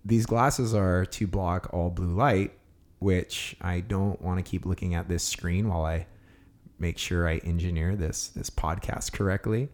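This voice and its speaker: Brief: male podcast co-host, very low pitch, teasing, chatty. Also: fairly even intonation, darkish tone. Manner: playful, jokey, quick interjections. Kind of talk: casual podcast chat.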